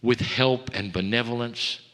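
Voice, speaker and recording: Man channeling a spiritual message in a reverberant hall. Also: medium pitch. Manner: measured, intimate delivery that sinks to hushed tones. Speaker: channeler addressing a seminar. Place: seminar hall.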